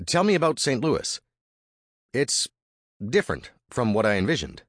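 A man's voice: mid-range voice, big pitch swings, moderate pace, no room sound, clean studio sound, voice pushed up. A man voicing an earnest, formal young educated man, polite and eager, in a storybook narration.

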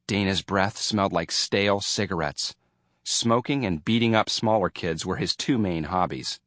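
Low-voiced man reading an audiobook. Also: normal speed, a bit bright, no echo. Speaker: audiobook narrator. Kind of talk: scripted narration.

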